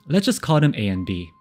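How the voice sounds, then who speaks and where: A medium-pitched man streams live at an unhurried pace, casually reading viewer messages and giving relationship advice. He's animated and chatty, full of laughing asides, with faint music behind him.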